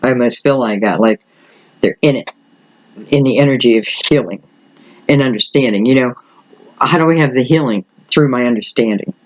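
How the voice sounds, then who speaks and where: An older man, slightly hoarse, giving a rambling solo tarot reading and thinking aloud with many fillers. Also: mid-range voice, normal speed, pauses often, no room sound, poor audio. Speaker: tarot reader.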